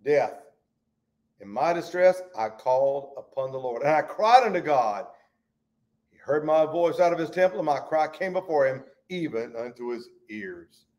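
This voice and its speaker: A man leads a Bible study in a fervent, folksy preaching voice that sits a little high. He swings from loud, emphatic lines down to hushed ones. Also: animated, moderate pace.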